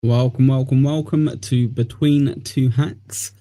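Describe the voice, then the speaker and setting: A man's voice: mid-range voice, fairly even intonation, slow pace, warm tone, no room sound, clean studio sound. A man hosting a casual podcast, rambling with lots of "uh" fillers and sweary banter. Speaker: podcast host.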